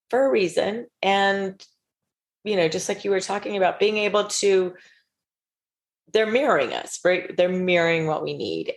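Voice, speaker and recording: Earnest middle-aged woman giving advice. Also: fairly low pitch. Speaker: guest. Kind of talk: casual interview chat.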